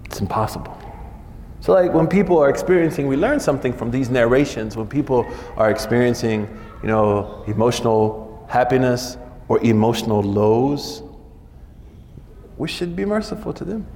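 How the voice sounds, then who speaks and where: A man's voice: medium pitch, moderate pace, a little mellow, big-room sound, slight background noise. A man giving an informal religious lesson in a casual, chatty way, often tacking "man" onto his sentences. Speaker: religious teacher.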